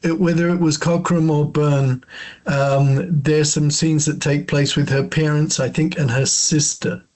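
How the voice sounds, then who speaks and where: A man guesting on a casual podcast, thoughtful and opinionated, with pauses and fillers. His voice sits a little high for a man. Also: level tone, darkish tone. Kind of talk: casual chat.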